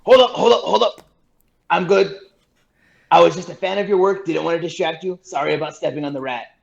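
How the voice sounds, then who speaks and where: A man playing a cocky male rogue who flirts and smooth-talks his way out of a fight in a tabletop game. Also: a little high, fairly even intonation, brisk. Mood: flirty. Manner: cheeky, flirtatious. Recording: dull lo-fi audio.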